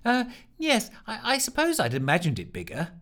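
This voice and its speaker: Imagine a practical storybook young woman, put on by a man in a raised, brisk voice. She is sensible and a little flustered, stumbling a touch when unsure. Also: on the high side, huge pitch swings, husky, pitched above the performer's own voice, full character voice.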